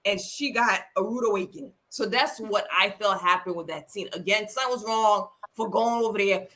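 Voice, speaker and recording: Woman reality-show reviewer; blunt, lively delivery, bright tone. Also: medium pitch, moderate pace. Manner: blunt, lively, acts out quotes. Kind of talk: casual chat.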